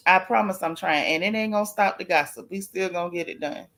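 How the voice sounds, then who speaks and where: A woman's voice: fairly low pitch, fast talker, fairly bright tone. Chatty woman hosting a gossip livestream. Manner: chatty, addresses viewers directly, apologetic. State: sneezing, sniffly from allergies. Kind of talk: casual livestream chat.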